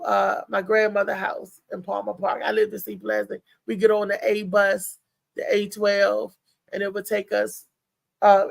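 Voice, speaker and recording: A woman from Maryland hosting a live show, telling a story in a chatty, animated way and talking straight to her listeners. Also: mid-range voice, creaky, no room sound. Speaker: show host.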